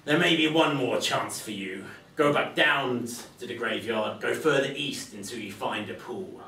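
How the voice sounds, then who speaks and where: A gruff robber captain lays down stern, heavy pronouncements, as a man telling a folk tale voices him. The voice sits at a middling pitch. It rings through an echoing room from a far-off mic. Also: moderate pace, bright, forceful tone, a little hiss or hum. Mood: weary. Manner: stern, weighty declarations.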